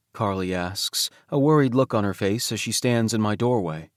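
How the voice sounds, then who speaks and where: A man narrating a romance audiobook in first person, intimate and soft-spoken. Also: on the low side, moderate pace, hardly any pauses, no room sound, clean studio sound.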